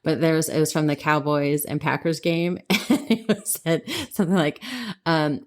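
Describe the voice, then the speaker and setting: Low-voiced woman, rambling podcast chat. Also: fairly even intonation, moderate pace, darkish tone. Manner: rambling, self-correcting, laughs often. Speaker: podcast co-host. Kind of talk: casual chat.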